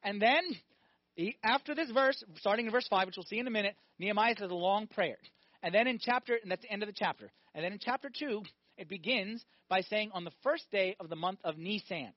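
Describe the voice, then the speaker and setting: A man preaching a lively sermon as a priest, often asking his listeners questions. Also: high-pitched, brisk, no echo. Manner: animated, asks the congregation questions. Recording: dull, dry recording.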